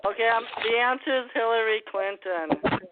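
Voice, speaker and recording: A woman hosting a casual call-in talk show, quizzing her co-hosts with trivia in a brisk, joking way. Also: fairly high pitch. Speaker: host. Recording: tinny phone-like line.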